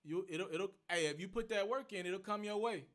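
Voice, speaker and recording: A young man hosting a casual phone livestream, rattling off rapid shout-outs to viewers and answering their questions. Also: high voice. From Memphis. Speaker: livestream host.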